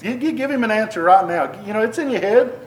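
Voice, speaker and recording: A man's voice: high-pitched, animated, fast, a little hiss or hum. A man preaching a sermon, earnest, with repeats and restarts that build into emphatic bursts. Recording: echoey room.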